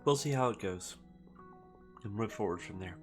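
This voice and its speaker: A man playing in a tabletop game, speaking in a measured way as he gives orders. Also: fairly low pitch, faint music behind. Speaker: player. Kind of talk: in-character tabletop play.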